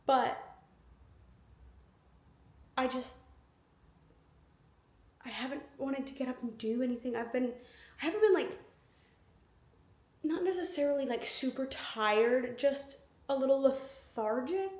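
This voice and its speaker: A woman's voice: high voice, lively intonation, unhurried, long pauses, darkish tone, breathy edge. A woman in her twenties talking casually to camera in a vlog, chatty and rambling with many fillers and restarts. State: tired, yawning. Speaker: vlogger. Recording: echoey room.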